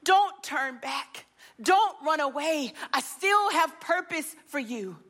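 A woman voicing God as a gentle, tender male figure who speaks in a hushed, partly whispered, reassuring way during a sermon. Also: sits high, lively intonation, slow, heavily acted. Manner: soothing, reassuring.

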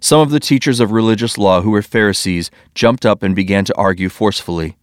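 A man reads scripture aloud in a steady, measured voice. His pitch sits low and the delivery stays even. The recording is dry and close, with no room sound. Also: no echo. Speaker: scripture reader. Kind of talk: scripted Bible reading.

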